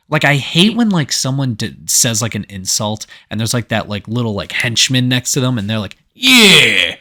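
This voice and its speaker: A man's voice: medium pitch, expressive, a little fast, hardly any pauses, fairly bright tone. A man co-hosting a movie review podcast, ranting in casual, profane chat and mocking the characters with impressions.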